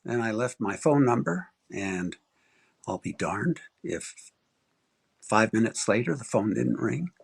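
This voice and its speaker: A man in his sixties from Arizona, a guest author telling a personal story in a casual interview, animated and acting out quoted voices. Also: slow, creaky, breathy edge. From Arizona, USA. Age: 60s. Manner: animated storyteller, acts out quoted voices with big pitch jumps.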